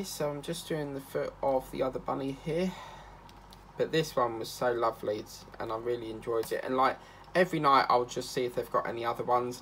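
Chatty man with a gravelly voice. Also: mid-range voice, fairly bright tone, slight background noise. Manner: rambling, chatty, breaks into snatches of song. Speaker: craft channel host. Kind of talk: casual chat while crafting.

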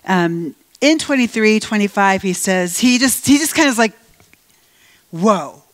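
A woman giving a conversational Bible teaching at a live event, emphatic and animated, slowing down to stress her points. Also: mid-range voice. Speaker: guest speaker at a faith event. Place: live event venue before an audience.

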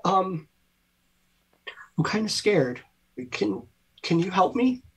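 A man's voice: sits high, very animated, slow pace, husky, voice pushed up, exaggerated voice. A man voicing a scared young deer, a big animal who stammers nervously in a tabletop game. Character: scared young deer named Will, big but timid.

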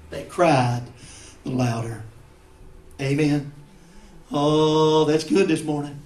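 A male pastor preaching a sermon, rising to shouted climaxes and dropping to quiet asides. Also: fairly high pitch, takes it slowly, long pauses, noisy background. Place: church. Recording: echoey church sanctuary.

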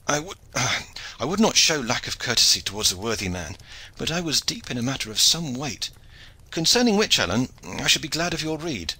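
A man's voice: mid-range voice, very animated, moderate pace, bright, forceful tone, breathy edge, pitched above the performer's own voice, full character voice, rough recording. A man playing a courtly old-world knight. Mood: courteous. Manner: formal, courteous phrasing. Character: courtly, precise medieval male knight.

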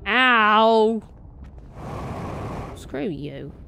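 Over loud game music and sound effects plus a little hiss or hum, a let's play host with a medium-pitched, creaky voice draws out her words with lively intonation. Commenting on her gameplay, she yelps in surprise, swears suddenly, and talks about feeling scared.

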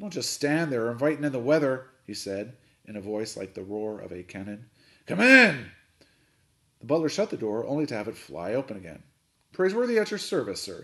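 Brief: man narrating a children's novel, animated pitch, expressive reading. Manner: expressive storytelling. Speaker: coach reading aloud.

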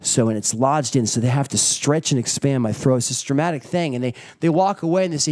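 A middle-aged man preaching a sermon, telling a story with animated energy and acting out family members. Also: mid-range voice, fairly quick, few pauses. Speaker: pastor.

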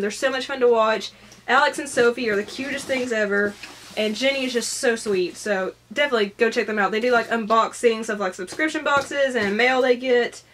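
A woman's voice: a little high, a bit bright, a little hiss or hum. A young woman chatting casually in a vlog, bubbly and gushing as she opens a package. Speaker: YouTuber opening a fan package.

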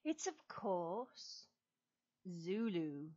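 An English woman leading a children's Sunday school lesson, quizzing and storytelling in a slow, sing-song way with exaggerated rises. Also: on the low side, very animated, mellow, dull audio.

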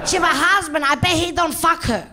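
Woman doing a shrill bossy little masseuse. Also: fairly even intonation, brisk, heavy background noise. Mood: mocking. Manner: barked broken-English commands. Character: tiny bossy female masseuse, mocking and blunt.

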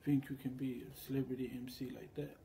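A man speaks in a rambling, meandering monologue, drifting between thoughts and breaking into quoted voices as he goes. His tone sits in a middle pitch, and his timbre is soft and dark. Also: little pitch movement, fairly quick, vocal fry, slight background noise.

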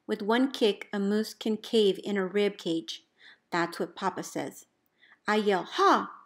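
A woman, a teacher, reading a picture book aloud in an expressive storybook voice, calling out the commands with gusto. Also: medium pitch, measured pace. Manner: expressive, calls out dog commands loudly.

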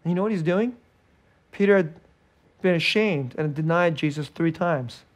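A man preaching a sermon as pastor, talking conversationally and dropping to hushed tones between livelier stretches, with laughs between phrases. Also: on the high side, normal speed.

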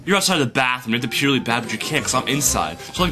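A young man rambling excitedly through a comedy skit, his voice climbing into shouts as he gets carried away. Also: mid-range voice, racing, few pauses, over music. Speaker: comedy sketch performer.

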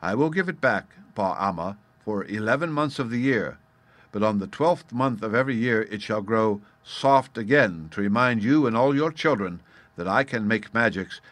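A man's voice: on the low side, a bit bright, no echo, lightly acted. Man playing a stern eldest magician. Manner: solemn, pronouncing judgment.

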